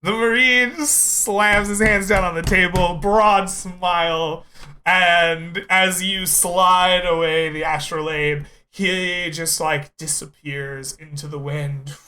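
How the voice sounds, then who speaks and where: A man narrating a tabletop game as game master, describing the scene in an unhurried way with frequent fillers. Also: sits high, fairly even intonation, sharp tone, slight background noise.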